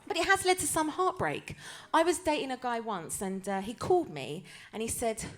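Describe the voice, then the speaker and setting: Woman, Cockney accent, high voice, wry self-mocking stand-up, live cabaret stage. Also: lively intonation, moderate pace. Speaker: comedian and tribute performer.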